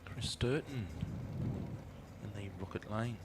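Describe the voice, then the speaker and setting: A man's voice: on the low side, slow. A man commentating live drag races, reading out reaction times and speeds in a laid-back way. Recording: raceway engine noise behind.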